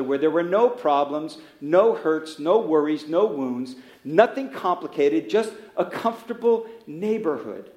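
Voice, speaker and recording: Man, pastor, sermon, earnest, repeats key phrases, high voice, roomy church echo. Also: lively intonation, unhurried, hardly any pauses, darkish tone. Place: church sanctuary.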